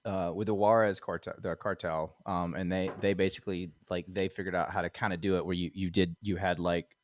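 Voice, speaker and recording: Low-voiced rambling male podcast host. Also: flat delivery, brisk, a little hiss or hum. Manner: rambling, many fillers, laughs often. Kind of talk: casual comedy podcast chat.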